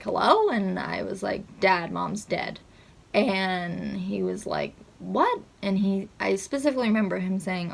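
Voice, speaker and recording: A young woman speaking to her channel, recounting a painful memory in a soft, halting way. Her voice sits in a middle register and is textured with a noticeable vocal fry. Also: medium pitch. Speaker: vlogger. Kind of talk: personal storytime recounting.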